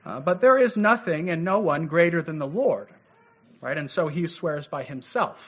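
A male pastor delivers a teaching sermon in a fairly high voice. He speaks in a measured way, sprinkling in "uh" and rhetorical "right?" checks. The recording sounds dull and lo-fi. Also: animated, breathy edge. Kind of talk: expository sermon. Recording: dull lo-fi audio.

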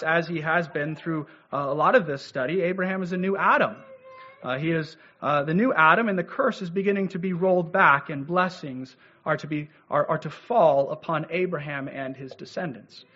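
A male pastor delivers a teaching sermon in a fairly high voice. He speaks in a measured way, sprinkling in "uh" and rhetorical "right?" checks. The recording sounds dull and lo-fi. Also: sharp tone. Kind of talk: expository sermon. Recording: dull lo-fi audio.

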